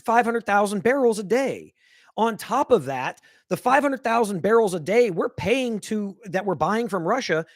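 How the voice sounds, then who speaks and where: A man's voice: sits high, no room sound. A man hosting a live political talk show, ranting heatedly with profanity and repeated phrases. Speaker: podcast host.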